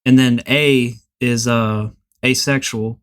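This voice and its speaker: A man's voice: mid-range voice, fairly even intonation, slow pace, fairly bright tone, clear, resonant tone. A man hosting a podcast, chatting casually in a rambling, hesitant way. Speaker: podcast host.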